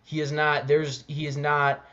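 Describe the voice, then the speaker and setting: A man co-hosting a casual sports podcast, speaking haltingly with many repeated words and restarts. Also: fairly high pitch, completely flat delivery, sharp tone. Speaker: podcast co-host. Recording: slightly dull lo-fi mic.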